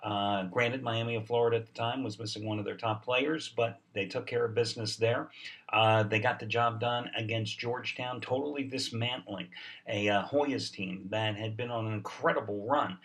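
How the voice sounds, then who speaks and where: A man with a lowish voice talks through his sports betting picks in a salesy, wry way, filling gaps with "uh." He sounds short on sleep. His voice sits a bit back from the mic. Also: fairly even intonation, normal speed, fairly bright tone, distant mic. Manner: salesy, sarcastic, many "uh" fillers. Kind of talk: sports betting video report.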